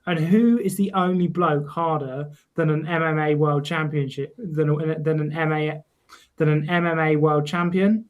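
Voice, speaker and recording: A man co-hosting a casual podcast, telling a story with overblown drama and plenty of swearing. His voice sits a little high. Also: fairly even intonation, measured pace, narrow, tinny audio. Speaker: podcast co-host. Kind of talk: casual comedic chat.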